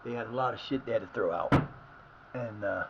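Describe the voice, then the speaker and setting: A hoarse man streaming live at home who is losing his voice, rambling and swearing at his team as he plays a soccer management game. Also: on the low side, a little fast, dull audio, very noisy. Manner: rambling, cursing at the players. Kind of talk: live gameplay commentary. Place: his house.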